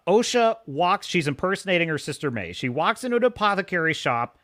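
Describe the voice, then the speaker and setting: A man's voice: fairly high pitch, a bit bright, no echo, studio quality. A young man ranting scornfully during a live stream, often breaking into laughter as he reacts to reviews.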